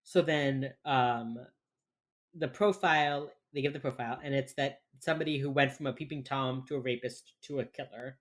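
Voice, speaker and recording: A woman co-hosting a podcast, recapping a TV episode in rambling casual chat full of fillers. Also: a bass voice. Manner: rambling, filler-heavy, with quick mocking impressions. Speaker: podcast co-host.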